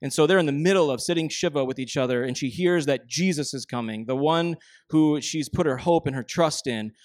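Man, 30s, pastor, conversational sermon, slightly high voice, dry close sound. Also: fairly quick, a little mellow, no echo. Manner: conversational, plainspoken. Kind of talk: sermon with scripture reading.

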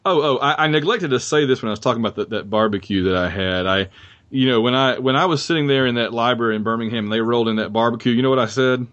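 Man, podcast host, rambling casual sports talk, mid pitch. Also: fast talker, fairly bright tone, lo-fi sound. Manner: rambling, chatty, with restarts.

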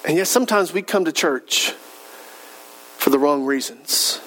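A man's voice: on the high side, lively intonation, unhurried, fairly bright tone, rough recording. A male pastor preaching a sermon in a conversational style, with rhetorical questions, humorous asides and repeated emphatic lists.

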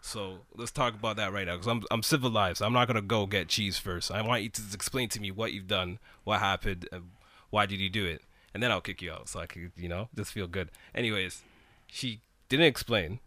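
A young man telling a slang-heavy story in an animated way during a casual chat. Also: fairly low pitch, brisk, no echo.

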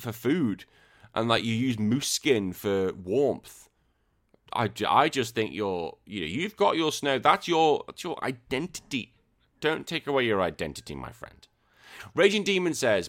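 A man's voice: medium pitch, very animated, normal speed, fairly bright tone. Swearing, rambling man. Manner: swearing, rambling, jokey tangents. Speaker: podcast host. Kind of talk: casual podcast chat.

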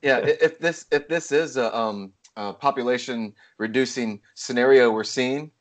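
A man's voice: medium pitch, normal speed. Agreeable man chiming in on a chat. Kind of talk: casual chat.

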